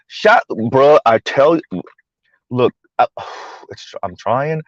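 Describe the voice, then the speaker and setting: A man's voice: mid-range voice, lively intonation, slow, dry recording, highs cut off. A man hosting a live stream, ranting and mocking as he comments, often swearing and laughing.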